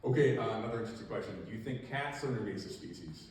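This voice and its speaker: A man's voice: fairly low pitch, animated, rapid-fire, darkish tone. A man giving a casual, joking educational talk about invasive species, full of fillers and asides, to a live audience. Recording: echoey hall, distant mic, faint room noise.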